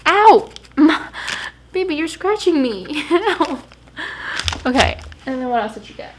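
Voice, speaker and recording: A woman's voice: high voice, big pitch swings, fairly quick, noisy background. A young woman in her twenties chatting casually at home through a camera mic, often breaking off to scold and praise her puppy. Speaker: vlogger. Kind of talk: casual unboxing vlog.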